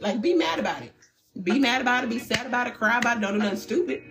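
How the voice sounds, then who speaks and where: A woman's voice: a little high, fast. Candid woman giving a tarot reading. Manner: animated and candid, with slang and swearing. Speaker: tarot reader. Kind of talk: casual spiritual reading.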